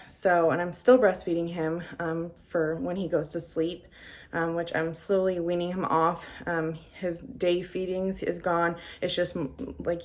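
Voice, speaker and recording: Young woman vlogging, casual chatty talk, slightly low voice, lots of ums. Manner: chatty, many fillers.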